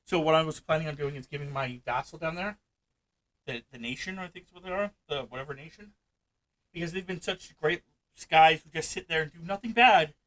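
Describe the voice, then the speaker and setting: A man hosting a casual let's-play chat about a strategy game, hyper, loud and fast-talking. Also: a little high, low-quality recording. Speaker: gaming channel host. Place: hot room at home.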